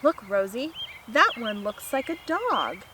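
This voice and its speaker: A woman's voice: a little high, sing-song, a little slow, heavy background noise. A woman voicing a cheerful man who owns a dog, speaking in an upbeat, enthusiastic way in a storybook reading. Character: cheerful man, a dog's owner.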